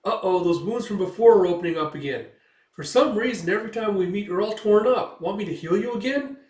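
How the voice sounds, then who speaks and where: A man voicing a tiny chatty male elf who is cheeky and nosy, in a squeaky, excitable voice. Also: a little fast. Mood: chirpy. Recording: echoey room, distant mic.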